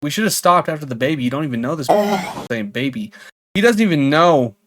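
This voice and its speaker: A man's voice: on the high side, expressive, fairly quick, a bit bright, slight background noise. Sarcastic man laughing through creepy messages. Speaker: commentator reading messages. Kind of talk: comedic reaction commentary.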